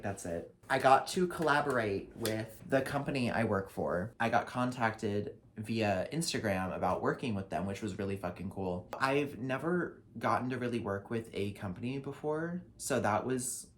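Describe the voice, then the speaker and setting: A young man and drag performer recapping his year in a casual vlog, talking dramatically with a lot of swearing and jumping between loud rants and flat asides, in his apartment. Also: lowish voice, normal speed, hardly any pauses, a little hiss or hum. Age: young adult. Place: apartment lit only by a ring light.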